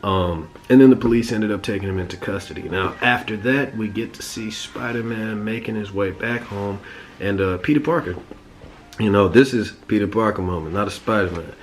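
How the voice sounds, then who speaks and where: A man recaps a cartoon episode in loose, profane street slang, rambling from one scene to the next. His voice sits fairly low. He talks as a casual reviewer chatting to viewers. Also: moderate pace. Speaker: show reviewer.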